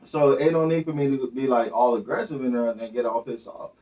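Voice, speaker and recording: A man's voice: mid-range voice, fast talker, dark tone, recorded from a distance. A man co-hosting a podcast, telling loose, profane stories in casual chat and often asking "you know what I mean". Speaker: podcast co-host.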